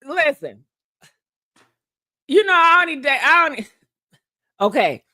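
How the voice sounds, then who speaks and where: Sassy high-voiced woman. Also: big pitch swings, measured pace, sharp tone, no echo, clean studio sound. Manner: sassy, laughs often, drawls words out. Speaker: host. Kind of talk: casual live-stream chat.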